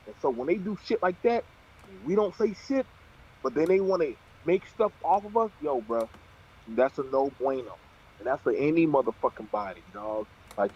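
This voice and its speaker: Man, show host, fired-up, profane, slightly high voice, husky, muffled lo-fi sound. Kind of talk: heated panel talk. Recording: dull lo-fi audio.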